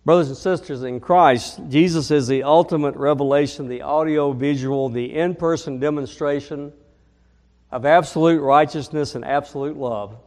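A man preaching a sermon as pastor, earnest, leaning slowly on key phrases. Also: on the high side, a little mellow, long reverb tail.

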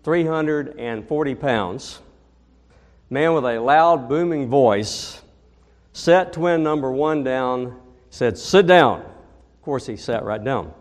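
A man preaching a sermon, telling a story and reading scripture in a deliberate way, rising to booming emphasis at key points. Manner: slow, deliberate, builds to booming emphasis in stories. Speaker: pastor. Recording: long reverb of a large hall.

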